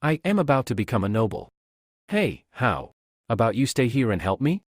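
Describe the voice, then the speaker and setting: A man's voice: mid-range voice, sing-song, moderate pace, no room sound, studio quality. A man voicing a cocky adult pirate leader who talks with a mocking swagger.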